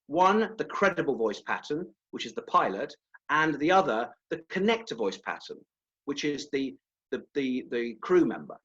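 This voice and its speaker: A man leading a webinar as a presentation skills trainer, animated and demonstrative, sometimes correcting himself mid-phrase. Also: a little high, dull audio.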